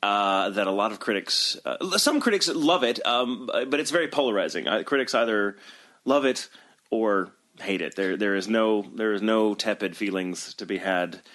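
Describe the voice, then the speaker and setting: Male podcast co-host, lowish voice, reflective, halting casual chat. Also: animated, fairly bright tone. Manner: thoughtful, many restarts and fillers.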